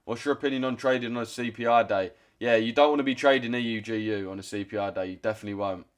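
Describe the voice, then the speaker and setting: A man's voice: medium pitch, steady tone, quick pace. Blunt young London man on stream. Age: 20s. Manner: blunt, slangy, swears freely, reads chat aloud. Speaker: trading streamer. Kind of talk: casual livestream chat.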